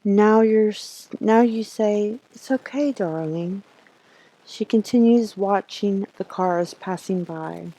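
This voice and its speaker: A woman's voice: medium pitch, steady tone, slow, few pauses, dark tone, rough recording. A woman streamer reading a horror game's text aloud, adding her own asides and laughs. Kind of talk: reading a game aloud live.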